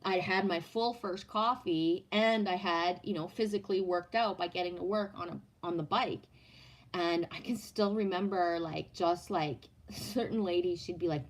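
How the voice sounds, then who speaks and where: Her voice is on the low side and her pace moderate as this middle-aged livestreamer reads through chat. She's casual and rambling, cursing without restraint and letting thoughts drift off unfinished.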